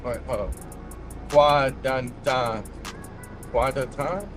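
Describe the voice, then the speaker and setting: A man in his forties chatting casually in a car, thinking aloud in slangy talk and sounding foreign words out slowly. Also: medium pitch, steady tone, over music. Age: 40s. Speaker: vlogger. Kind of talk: casual chat while practicing languages.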